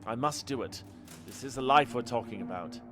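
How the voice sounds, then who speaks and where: A man's voice: medium pitch, animated, a little fast, close to an everyday voice. Man playing a polite, desperate academic. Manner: formal, pleading speech. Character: earnest, polite male academic, desperate to save a life. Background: background game music.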